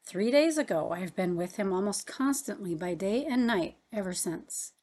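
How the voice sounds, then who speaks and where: A woman reading the part of a gentle grown brother in the afterlife, speaking softly. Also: medium pitch, lively intonation, moderate pace, slightly rough. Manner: gentle, soft-spoken.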